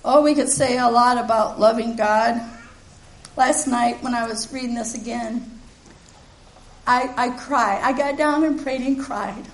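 A woman's voice: on the high side, a little slow. A woman preaching a sermon in a church, earnest and emphatic, with the congregation calling back responses. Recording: echoey room.

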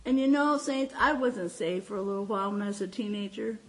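A middle-aged woman preaching a sermon, telling personal stories in a heartfelt, animated way and often laughing as she talks. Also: mid-range voice, a little fast.

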